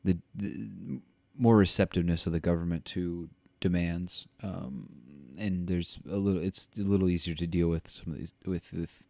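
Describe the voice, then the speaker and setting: A man's voice: sits low, steady tone, normal speed, gravelly, hardly any pauses, warm tone, no echo. A man co-hosting a podcast, reading news aloud and commenting in a rambling way with many fillers. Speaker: podcast co-host.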